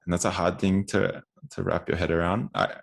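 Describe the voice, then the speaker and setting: Deep gravelly man in his twenties. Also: fairly quick. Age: 20s. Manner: animated storytelling with frequent restarts and acted-out quotes. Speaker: podcast guest. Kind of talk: casual conversational storytelling.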